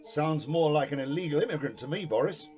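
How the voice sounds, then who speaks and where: A man's voice: fairly high pitch, expressive, fairly quick, darkish tone, soft background music, voice pushed up, natural voice. A man voicing a suspicious, bullying middle-aged village policeman who blusters and threatens.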